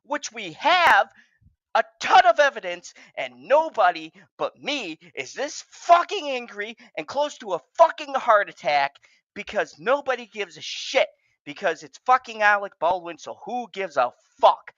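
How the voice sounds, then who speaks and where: Furious profane man ranting, lively voice. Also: sits high, a little slow, dry recording, highs cut off. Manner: furious, profane and shouting-heated, stammers when worked up. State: agitated, racing heart. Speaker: show host. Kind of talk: angry ranting commentary.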